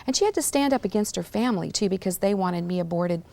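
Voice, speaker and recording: A woman in her sixties gives personal testimony as an interview guest. Her voice sits at a middle pitch with a gravelly edge. She speaks earnestly and sinks into a breathy near-whisper when a word carries weight. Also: lively intonation, darkish tone. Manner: earnest, slows down and drops to a breathy near-whisper on emotional words.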